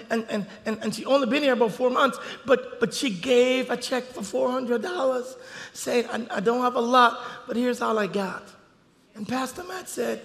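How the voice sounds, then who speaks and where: A male pastor preaching a sermon, swinging from hushed storytelling to shouted preaching. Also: very high-pitched, creaky, in a large hall. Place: church sanctuary.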